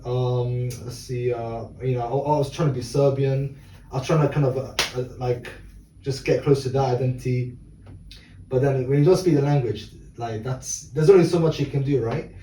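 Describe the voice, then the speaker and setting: A man's voice: medium pitch, dark tone. A man with a British accent in a casual chat, hesitant and reflective, often restarting his sentences. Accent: British English. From England. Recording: echoey room, mic at a distance, faint noise.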